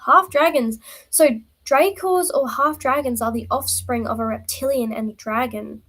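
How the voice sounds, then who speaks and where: Female streamer, slightly high voice, loose rambling chat, playful. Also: normal speed, rough recording. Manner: rambling, self-interrupting, playful. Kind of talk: casual live-stream chat.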